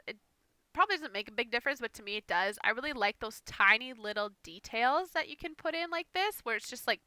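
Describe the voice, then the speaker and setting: A woman's voice: a little high, bright, forceful tone, clear, resonant tone, no echo. A young woman rambling casually through a gameplay voiceover, a little nervous and self-conscious. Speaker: gaming streamer.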